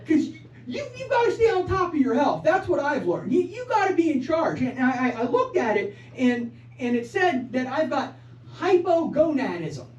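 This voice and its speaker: Stammering man doing stand-up, animated. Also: very high voice, normal speed, muffled recording. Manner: stammering, repeats words, self-mocking. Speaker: stand-up comedian. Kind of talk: stand-up comedy set. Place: small improv club stage. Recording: roomy live club sound from far off. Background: audience laughing.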